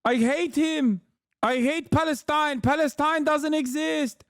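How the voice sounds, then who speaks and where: A man's voice: very high-pitched, measured pace, dry recording, studio quality, voice pushed up, heavily acted. A man voicing a mocking caricature of a male pundit, in a put-on foreign accent with broken grammar. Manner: broken grammar, deadpan exaggeration.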